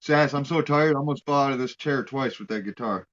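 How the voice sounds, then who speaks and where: A man's voice: mid-range voice, a little fast, a bit bright, highs cut off. A man chatting casually as a stream guest, laid-back, calling the host "dude.". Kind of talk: casual chat.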